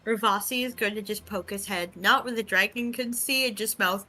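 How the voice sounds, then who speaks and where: A woman's voice: medium pitch, moderate pace, pushed and bright, slight background noise. A woman playing a tabletop game, speaking dry and matter-of-fact. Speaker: player. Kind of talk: casual game table chat.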